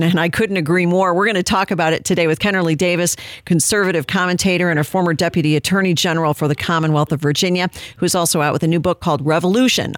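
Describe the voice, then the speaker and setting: A woman's voice: lowish voice, no room sound. A woman hosting a talk radio show, giving sarcastic, combative commentary from a studio. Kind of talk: opinionated commentary.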